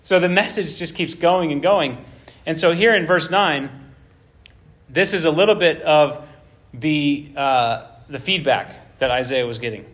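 A man with a somewhat high voice leads a verse-by-verse Bible teaching. He talks conversationally, stopping to ask his listeners whether it makes sense, and he repeats key phrases for emphasis. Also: lively intonation, moderate pace, fairly bright tone. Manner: conversational, checks in with rhetorical questions.

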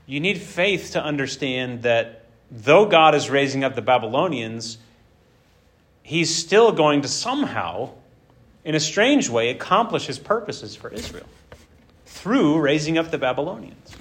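A man preaching an expository sermon in an animated, conversational way, acting out the scripture. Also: fairly high pitch, a little slow.

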